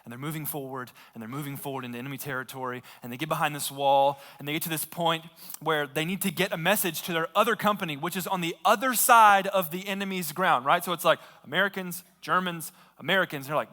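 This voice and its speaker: A man's voice: on the high side, fast, sharp tone. A man preaching a sermon as a pastor, retelling a story casually and with lots of fillers. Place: church sanctuary. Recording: long reverb of a large hall.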